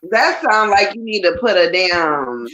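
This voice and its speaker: A woman's voice: medium pitch, lively intonation, unhurried, bright, forceful tone, rough recording. A woman co-hosting a live reading stream, throwing in teasing, profane remarks. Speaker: co-host reader. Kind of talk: casual live-stream banter.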